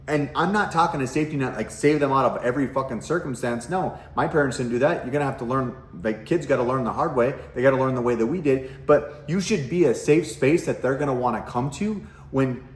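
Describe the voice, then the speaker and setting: Near his kitchen at home, a middle-aged man who coaches parents speaks straight to the camera, casual and blunt, full of profanity and rhetorical questions. The mid-range voice is a little mellow, in an echoey room with slight background noise.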